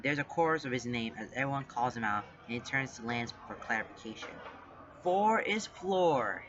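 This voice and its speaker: A man calmly reading fan fiction aloud at a measured pace, in a dull lo-fi recording. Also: medium pitch. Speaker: story reader.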